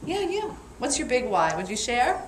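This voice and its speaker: Brooklyn lady giving a pep talk to a crowd, kinda high voice, super echoey room, mic far off. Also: normal speed, a little hiss or hum. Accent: New York (Brooklyn). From Brooklyn, New York. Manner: energetic, playful, calls for audience response. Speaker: motivational speaker. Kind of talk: motivational talk to a live audience. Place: meeting room with an audience.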